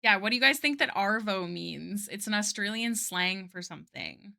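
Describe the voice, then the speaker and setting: Woman, live art streamer. Bright, chatty, casual, talks to chat while working. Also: medium pitch, animated, normal speed, gravelly. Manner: chatty, answers chat, many "like" fillers.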